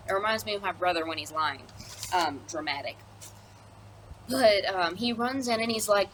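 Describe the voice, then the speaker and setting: In this casual recorded lesson, the speaker is a young woman who teaches high school English, talking through a play with plenty of ums, fillers and side comments. She has a mid-range, pushed, bright voice and speaks a little slowly. There's some hiss or hum on the rough recording.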